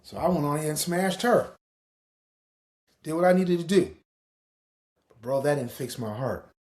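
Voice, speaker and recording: A man's voice: on the high side, expressive, normal speed, darkish tone. A man telling a personal story as a podcast host, profane and dramatic. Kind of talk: casual storytelling monologue.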